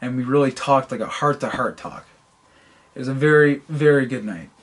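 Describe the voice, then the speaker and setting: A man's voice: medium pitch, moderate pace. A man co-hosting a casual podcast, telling stories and often stammering and repeating his words. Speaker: podcast co-host. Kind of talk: casual storytelling chat.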